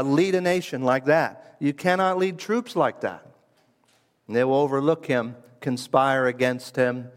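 A man preaches a sermon in a somewhat high voice, stressing his points through repetition and deliberate pauses. His voice rings out with a long reverb, as in a large church hall. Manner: emphatic, builds through repeated phrases with deliberate pauses.

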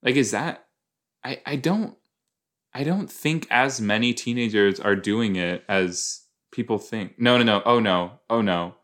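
A man with a lowish, slightly bright voice takes his time as he hosts a podcast. While watching an episode, he offers casual, playful reactions, meandering and making up nonsense words.

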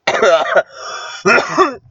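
A man's voice: sits high, sing-song, drawn-out words, pushed and bright, dull audio. A young man hosting a podcast, rambling and swearing constantly, now and then flaring into angry rants. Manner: foul-mouthed, rambling, flares into ranting. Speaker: podcast host. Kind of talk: crude comedic monologue.

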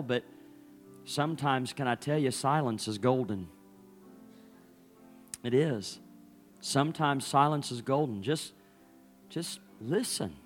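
A male pastor preaching a sermon in a conversational, storytelling way, repeating phrases for emphasis. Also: mid-range voice. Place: church service.

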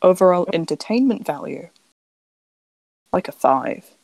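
A young woman on a casual podcast, deadpan and rambling as she talks. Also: on the low side, measured pace, gravelly, no echo, low-quality recording. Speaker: podcast co-host. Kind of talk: casual chat.

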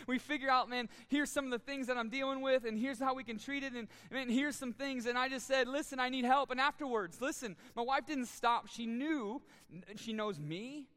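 A man's voice: very high voice, a bit bright, clear, resonant tone. A man preaching a sermon as a pastor, telling a personal story in an earnest, candid way and repeating words when moved. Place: church auditorium, live audience. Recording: long reverb of a large hall.

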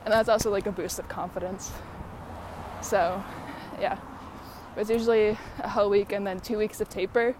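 A podcaster walking uphill outside sounds a bit breathless as she rambles in casual chat, laughing frequently and leaning on fillers. Her voice is mid-range and steady at a normal speed, with background noise behind it.

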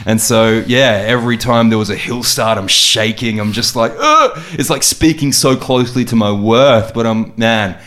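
A middle-aged Australian man, a podcast guest, telling stories in an animated, expressive way and laughing often. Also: mid-range voice, moderate pace, hardly any pauses. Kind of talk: casual podcast conversation.

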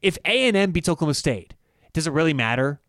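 A man co-hosts a betting show, his voice a touch higher than most men's. He talks emphatically and animatedly, restarting his sentences as he goes. The mic is close and dry, with no room sound. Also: big pitch swings, fast, fairly bright tone, dry recording. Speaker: podcast co-host, sports bettor. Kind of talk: casual sports betting chat.

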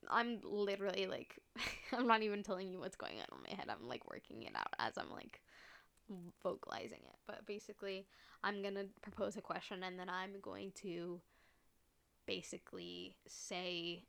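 A woman's voice: mid-range voice, expressive, normal speed, gravelly, fairly bright tone, smooth. A young woman talks through her feelings on a casual solo podcast, circling her point with endless "like" fillers, restarts and casual swearing. At times she sounds choked up, close to tears, then laughs it off. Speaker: podcast host.

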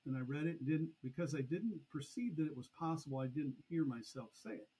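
Husky-voiced man telling a story. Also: a little high, a little fast, low-quality recording. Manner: animated, acts out past conversations. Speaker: podcast guest, annuity expert. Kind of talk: conversational storytelling.

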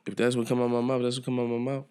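A man's voice: medium pitch, monotone, very fast, a little mellow, smooth. A man hosting his own podcast alone, talking in a reflective, loose and profane way that trails off and restarts. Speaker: podcast host. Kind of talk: solo podcast monologue.

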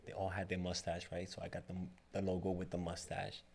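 Low gravelly man telling a story. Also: brisk, a little hiss or hum. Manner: rambling, animated retelling with quoted dialogue. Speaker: barbershop owner, guest. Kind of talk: casual storytelling interview.

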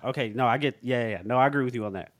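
A man around thirty chats on a podcast at a quick clip. He chimes in agreeably with easy back-and-forth. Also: mid-range voice. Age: about 30. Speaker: podcast co-host. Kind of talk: casual chat.

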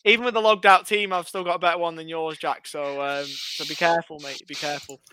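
A man's voice: a little high, steady tone, fast talker, noisy background. A man co-hosting a fantasy football podcast, bantering and plugging the show. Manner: bantering, calls people mate. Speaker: podcast co-host. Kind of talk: casual fantasy football chat.

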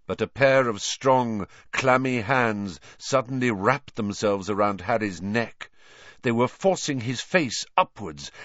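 A man reading a story aloud as narrator, with slow, dramatic delivery. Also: medium pitch, animated, fairly bright tone, no room sound, highs cut off.

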